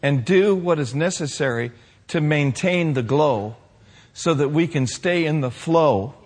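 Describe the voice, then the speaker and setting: A man preaching a sermon to his congregation, building to shouted passages and calling for responses. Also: fairly high pitch, a little slow. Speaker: pastor.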